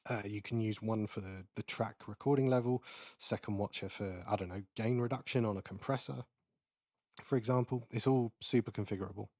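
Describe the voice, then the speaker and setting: A man giving a casual, explanatory keynote while demonstrating audio software, with many fillers. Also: lowish voice, steady tone, brisk, no room sound. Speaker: keynote presenter. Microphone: close mic into recording software.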